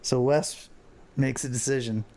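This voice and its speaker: A man's voice: medium pitch, steady tone, unhurried, warm tone, a little hiss or hum. A man in casual chat who asks short follow-up questions and adds dry quips.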